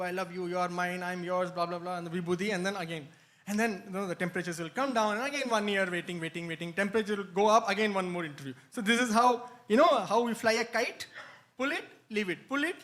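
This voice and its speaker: A man telling an anecdote at a spiritual retreat, animated and laughing often. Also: sits high. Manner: animated storytelling, frequent laughs. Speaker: retreat speaker. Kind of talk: anecdotal talk. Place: hall, live-streamed.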